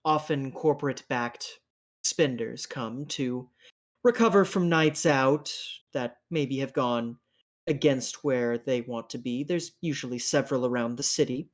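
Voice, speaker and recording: A man voicing a stiff, discreet, ghoulishly tall male clinic attendant in a tabletop role-playing game, with hesitant pauses. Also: medium pitch, close to an everyday voice. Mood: prim, guarded.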